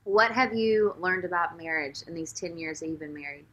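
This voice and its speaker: A woman hosting an interview, asking questions in a casual, animated way with frequent fillers. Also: on the low side, moderate pace, low-quality recording. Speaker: interviewer, host. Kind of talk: conversational interview.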